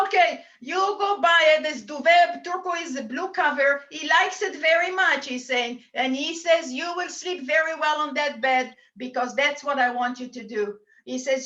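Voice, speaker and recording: Woman medium on a lo-fi video call, high and bright, earnest, relays spirit messages in quotes. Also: normal speed. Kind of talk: mediumship reading at a church service.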